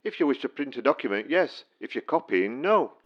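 A man's voice: mid-range voice, big pitch swings, a little fast, highs cut off. Patronizing help desk man. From Stocksbridge, England. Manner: polite, patronizing, dry. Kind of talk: comic sketch acting.

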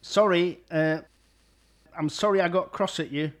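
In a comic sketch, a man plays an exasperated caller, grumpy and sarcastic, who keeps blowing up at a help desk. His voice is high and his pace measured.

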